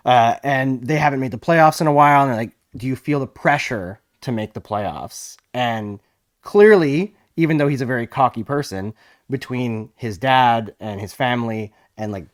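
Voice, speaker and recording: Male podcast co-host, relaxed, explanatory recapper. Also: mid-range voice. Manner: easygoing, explains and recaps plot. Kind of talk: casual chat.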